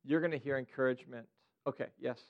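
A man leading an informal sermon-style teaching for a prayer group, animated and playful, asking the group questions. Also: medium pitch, fast talker, narrow, tinny audio.

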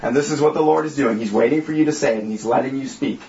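Fast and darkish in tone, his mid-range voice drives a casual, joking, earnest sermon and prayer for the small group he leads as preacher. A little hiss or hum sits in the recording, made in an echoey room that sounds slightly dull.

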